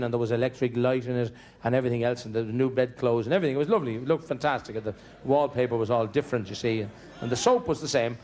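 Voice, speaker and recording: A man with an Irish accent doing stand-up, telling chatty, rambling family stories with comic restarts. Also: mid-range voice. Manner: chatty, digressive, stumbling restarts for comic timing. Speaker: stand-up comedian. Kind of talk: stand-up storytelling.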